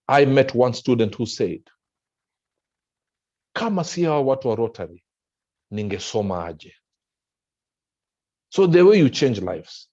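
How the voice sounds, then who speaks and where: An impassioned Kenyan man with a low voice, speaking to an audience like a preacher with big swings in pitch. The recording sounds dull and lo-fi. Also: darkish tone, slightly rough. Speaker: motivational speaker. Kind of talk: motivational speech to an audience.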